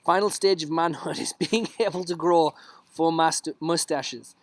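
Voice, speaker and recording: A man's voice: a little high, fairly even intonation, a little slow, no room sound. Chatty man joking through memes. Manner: chatty and jokey, dropping into whispers for asides. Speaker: youth leader hosting a live stream. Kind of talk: casual live-stream commentary on memes. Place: outdoors.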